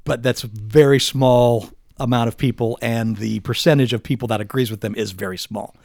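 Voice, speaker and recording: A man's voice: medium pitch, fairly even intonation, normal speed, darkish tone, no echo, clean studio sound. A man hosting a casual podcast, chatting animatedly about fandom and reading out entertainment news, often restarting phrases. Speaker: podcast host. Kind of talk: casual chat and news read-out.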